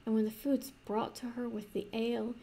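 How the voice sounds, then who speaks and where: A woman improvising a fantasy story in a rambling, soft manner, with restarts and playful asides. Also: fairly high pitch, flat delivery, normal speed, slight background noise.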